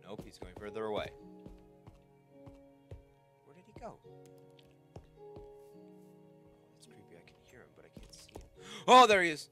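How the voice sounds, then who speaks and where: Excitable man narrating his gameplay. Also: lowish voice, normal speed, long pauses. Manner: excitable, talks to the creatures on screen, yelps in panic. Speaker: gameplay commentator. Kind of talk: casual let's-play commentary. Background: game music.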